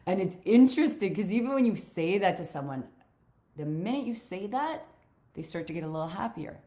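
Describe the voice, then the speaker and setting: A woman life coach giving a frank, animated motivational talk, swearing freely. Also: medium pitch, fairly quick.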